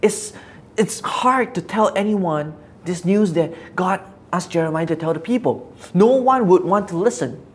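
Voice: mid-range voice, measured pace. A preacher giving an earnest, reflective Bible teaching, asking rhetorical questions as the talk goes on.

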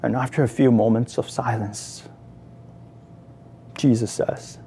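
A man's voice: mid-range voice, fairly even intonation, slow pace, pauses often, dark tone, a little hiss or hum. A man leading a guided imaginative meditation, telling the story emotively in the second person. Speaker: prayer leader.

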